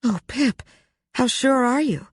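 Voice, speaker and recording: Ashley, a worried young woman friend done by the narrator, speaks in a high, gushing voice that rises sharply. The sound is dry and close, with no room around it. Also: lively intonation, slow, slightly rough, no echo, exaggerated voice.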